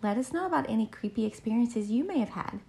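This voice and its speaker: A woman co-hosting a podcast, reading the outro and telling a story in a brisk, teasing manner. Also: on the high side, animated, gravelly, dark tone. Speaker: podcast co-host.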